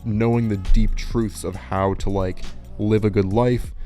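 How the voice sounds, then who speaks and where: Chatty man, low mellow voice. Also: steady tone, a little slow, faint music behind. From Minnesota. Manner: chatty and rambling, full of "like" fillers. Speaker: channel host. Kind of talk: casual vlog chat reading quiz questions.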